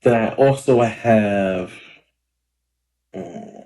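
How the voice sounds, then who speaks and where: A man in his thirties chatting casually to camera in a rambling, laid-back way, a little hoarse and clearing his throat often. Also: fairly low pitch, extremely slow, mellow. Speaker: independent rapper and vlogger. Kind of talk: casual talking-to-camera vlog. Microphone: camera or phone mic.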